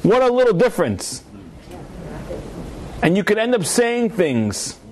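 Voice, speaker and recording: A man teaching a religious class, telling a story in an animated, humorous way. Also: high-pitched, measured pace, a little hiss or hum.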